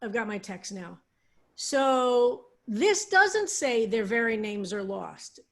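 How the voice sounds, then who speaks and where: Woman rabbi on a video call going word by word thru a psalm, kinda high voice, patient. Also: sing-song, slow. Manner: patient, explanatory, lingers over Hebrew words. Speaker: rabbi teaching a psalm study. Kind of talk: online Hebrew text lesson.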